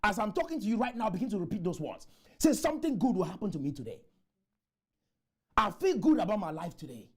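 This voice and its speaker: A man from Cameroon, giving a motivational conference speech full of repeated chants that burst into shouts. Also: high voice, very animated, quick pace, slightly rough. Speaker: motivational speaker. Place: conference room.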